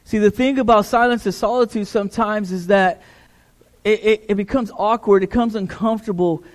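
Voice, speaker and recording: Middle-aged guy preaching, pretty high voice, chatty, keeps repeating himself for emphasis. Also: fairly even intonation, fairly quick. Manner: conversational preaching with repeated words and rising emphasis. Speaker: pastor. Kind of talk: sermon.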